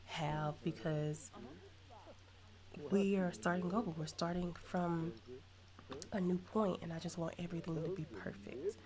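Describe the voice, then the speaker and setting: A woman's voice: fairly low pitch, fairly even intonation, a little slow, long pauses, a crowd in the background, lightly acted. A woman voicing a young man in a life-sim game, an earnest boyfriend gushing about his progress in therapy.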